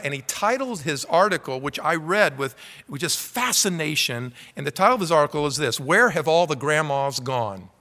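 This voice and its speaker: A man's voice: fairly high pitch, bright, forceful tone, long reverb tail. A man preaching a sermon from the pulpit, earnestly reading aloud from a quoted article. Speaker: pastor. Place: church sanctuary.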